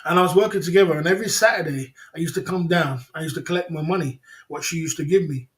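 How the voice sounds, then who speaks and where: A man with a slightly high, somewhat bright voice hosts a livestream and talks fast. He tells stories in a loose, rambling way, repeating lines, chuckling often, and calling out to people in the chat.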